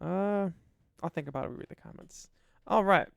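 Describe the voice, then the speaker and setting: A man's voice: high voice, moderate pace, creaky, no echo, clean studio sound. A man co-hosting a casual podcast, reading listener comments aloud and chatting about them. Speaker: podcast co-host. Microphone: studio dynamic mic.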